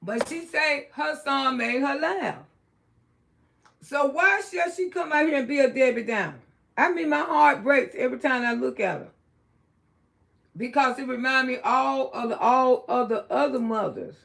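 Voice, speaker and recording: Gravelly blunt Southern woman on a livestream. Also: moderate pace. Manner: outspoken, blunt, swings from low murmur to loud exclaiming. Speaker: livestream host. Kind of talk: casual livestream commentary.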